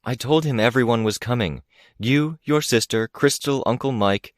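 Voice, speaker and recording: Earnest coaxing mother, read by a man, raised softer pitch, dry close sound. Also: moderate pace, no echo, lightly acted. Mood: pleading. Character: composed, pleading middle-aged mother. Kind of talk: audiobook character reading.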